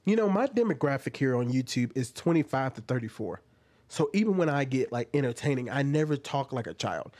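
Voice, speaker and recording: A man's voice: medium pitch, sing-song, fairly quick, darkish tone. A young man giving reaction commentary, arguing with a string of rhetorical questions.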